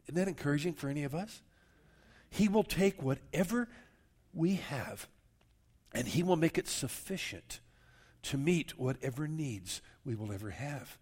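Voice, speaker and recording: A man's voice: on the high side, a little slow, long pauses, husky. A man preaching a sermon while he has a cold and coughs now and then, acting out the voices of the people he quotes. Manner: animated, acts out quoted voices. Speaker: pastor.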